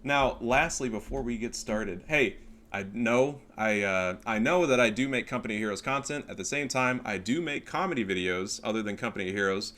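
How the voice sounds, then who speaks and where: A man's voice: lowish voice, a little fast, fairly bright tone. A man giving casual, crude and joking commentary over a strategy game match. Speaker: gameplay commentator.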